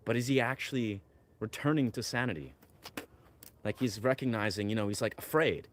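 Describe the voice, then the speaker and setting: A man's voice: mid-range voice, brisk, slight background noise. A man talking in a rambling, dreamy way, full of fillers, while out among pine trees. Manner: dreamy, wandering, filler-heavy musing. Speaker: vlogger. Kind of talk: rambling outdoor vlog talk.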